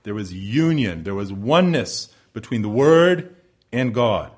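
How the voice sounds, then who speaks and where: A man preaching a sermon, building emphatic repeated phrases and dropping to hushed low endings. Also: expressive, measured pace. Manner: repetitive rhetorical build-ups.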